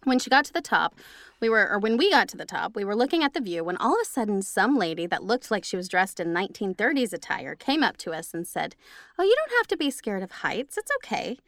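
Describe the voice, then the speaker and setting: A woman's voice: medium pitch, sing-song, quick pace, fairly bright tone, dry recording, studio quality. A woman co-hosting a podcast who reads listener stories aloud and laughs easily in chat. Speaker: podcast co-host.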